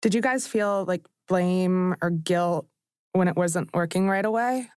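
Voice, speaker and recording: A woman hosting a podcast who narrates in a chatty, conversational way and talks directly to her listeners. Her voice sits a little low for a woman and the recording is close and dry, with no room sound. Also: a little slow, darkish tone, clean tone, dry recording. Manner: chatty, speaks straight to listeners. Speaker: podcast host.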